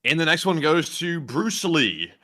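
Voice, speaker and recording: A man co-hosting a casual livestream, briskly reading out donor names and messages. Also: a little high, very animated, pushed and bright. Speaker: livestream co-host reading donations.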